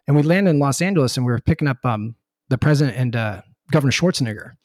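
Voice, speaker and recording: A middle-aged man from Connecticut tells stories in an animated, laughing way, often breaking off to restart. His voice sits at an ordinary pitch. The recording is close and dry, with no room sound. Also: fast, no room sound. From Connecticut, USA. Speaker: podcast guest, former presidential helicopter pilot. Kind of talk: casual storytelling chat.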